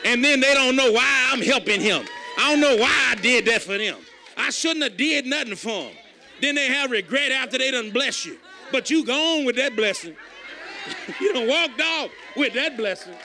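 A male pastor preaching a folksy, emphatic sermon, rising to shouts at times. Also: very high voice, expressive, normal speed, some chatter behind, a little hiss or hum.

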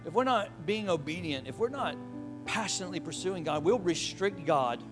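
A man with a notably high voice preaching a sermon, rising to shouted hallelujahs and calling for the congregation's response. His phrasing is folksy and colloquial. Faint music plays softly behind him. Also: lively intonation, normal speed. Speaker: pastor.

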